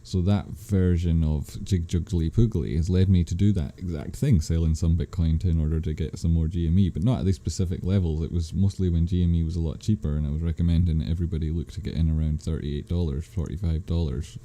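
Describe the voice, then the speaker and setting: A man with a low, very dark voice hosts a live stream. He reads viewers' questions aloud and answers in a loose, rambling way, correcting himself often. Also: steady tone, fast, hardly any pauses. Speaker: livestream host answering chat. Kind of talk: casual live-stream chat.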